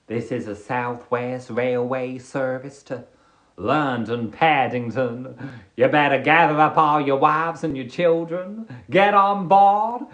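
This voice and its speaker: A man voicing a dramatic cowboy train announcer with a slow, theatrical drawl, on a live stream. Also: mid-range voice, fairly bright tone, voice pushed down. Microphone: phone or webcam on a live stream.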